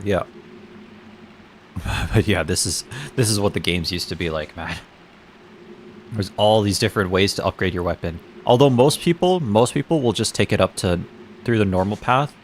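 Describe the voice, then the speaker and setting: A man's voice: on the low side, a little hiss or hum. A young man streaming a game, chatting casually in a rambling way, laughing, swearing and restarting his sentences. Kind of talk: casual gaming stream commentary.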